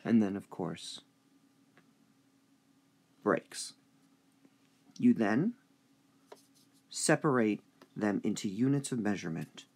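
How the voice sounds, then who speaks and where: A man teaching a high school English review lesson, speaking slowly and deliberately and drawing out stressed syllables. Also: lively intonation, a little mellow.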